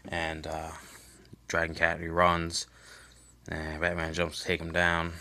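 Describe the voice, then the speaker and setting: A man talks through a comic book issue in a low, bright voice that barely moves in pitch at all. He rambles loosely, circling back with fillers and restarts, and swears offhandedly as he goes. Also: completely flat delivery, a little slow, long pauses. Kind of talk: casual comic recap.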